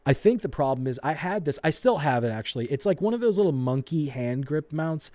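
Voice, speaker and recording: A man's voice: a little high, lively intonation, fairly quick, dark tone, no echo. A man hosting a live stream, rambling and swearing as he mocks his own old videos. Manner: profane, self-mocking, rambling. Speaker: host. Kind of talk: live reaction commentary.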